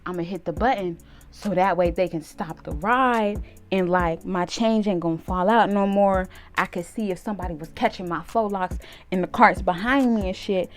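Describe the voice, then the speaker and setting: A young woman vlogger telling a storytime tale in casual slang, animated and laughing, breaking into loud shouted reenactments. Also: fairly low pitch, moderate pace, soft background music. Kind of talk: storytime vlog.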